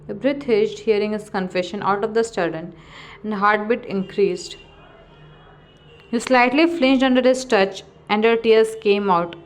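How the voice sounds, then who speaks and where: A woman narrating a second-person fan fiction story in a steady, plain storytelling manner. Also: medium pitch, normal speed.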